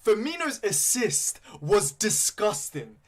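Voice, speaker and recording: A young man giving live, excitable fan commentary on a football match, full of slang and shouting at big moments. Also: high-pitched, takes it slowly. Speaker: fan commentator streaming a watchalong.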